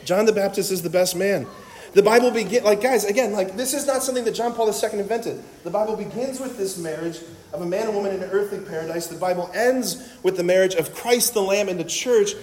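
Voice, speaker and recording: A man with a notably high voice delivers an animated, humorous talk on faith to a live audience. He keeps it conversational and keeps checking in with his listeners. The sound rings out with the long reverb of a large hall. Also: fast talker. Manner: energetic, joking, conversational, full of "right?". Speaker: Catholic speaker.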